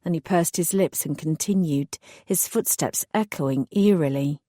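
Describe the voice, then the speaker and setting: A woman narrating a first-person audiobook in a measured, lightly wry way. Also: low-pitched, dark tone, no echo, studio quality.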